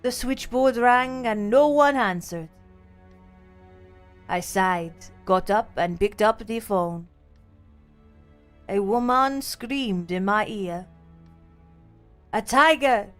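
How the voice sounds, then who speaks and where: A woman voicing a weary middle-aged male detective who shivers and talks in a slow, dragging, hushed way. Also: on the high side, faint music behind.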